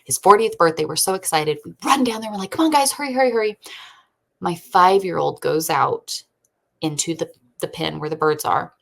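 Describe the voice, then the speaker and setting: A woman in her thirties hosting a casual faith podcast from home, telling family stories with lively quoting and talking earnestly. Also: deep voice, normal speed, creaky. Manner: chatty storyteller, animated quoting, earnest faith talk. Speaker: podcast host and homeschooling mother. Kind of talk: casual chat. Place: at home during a thunderstorm.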